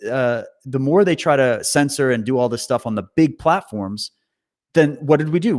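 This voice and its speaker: A man from Canada in casual conversation, telling an animated story and bluntly swearing as he goes. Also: mid-range voice. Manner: animated storyteller, acts out quoted voices. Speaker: guest.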